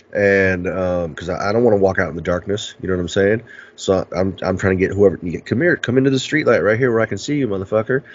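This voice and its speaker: A low-pitched man rambles through a story on a podcast, dropping curse words every few breaths. The sound is slightly dull and lo-fi. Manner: rambling, heavy swearing. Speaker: podcast host. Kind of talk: casual storytelling chat. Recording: lo-fi podcast recording.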